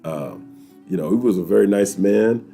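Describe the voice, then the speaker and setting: A man from New York, hosting a weekly chat and telling a story to viewers in a lively, laughing way. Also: fairly low pitch, normal speed, creaky, soft background music. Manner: animated, laughing, talks straight to viewers.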